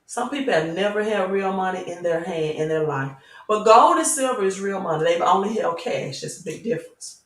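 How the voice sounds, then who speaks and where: A woman's voice: medium pitch, lively intonation, normal speed. Woman, Southern US accent, livestream host, emphatic and preachy, rhetorical questions, distant mic, echoey room. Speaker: crypto channel host. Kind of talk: livestream talk reading chat. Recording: roomy echo, mic at a distance.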